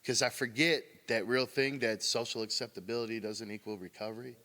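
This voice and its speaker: A man's voice: mid-range voice, steady tone, fairly quick, bright, forceful tone. A man giving a candid, rambling share at a recovery meeting, often saying "man" and laughing as he talks. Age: adult with a wife and a daughter. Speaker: member sharing at a recovery meeting. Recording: long hall reverb.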